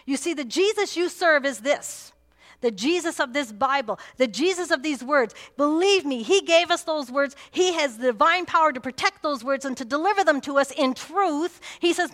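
A woman's voice: high voice, animated, normal speed, fairly bright tone. A woman pastor preaching a sermon, earnest and emphatic, repeating key phrases for weight.

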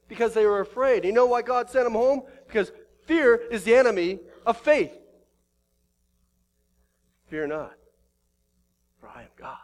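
A male pastor preaching a sermon, telling a story with animated acted-out dialogue. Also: extremely high pitch.

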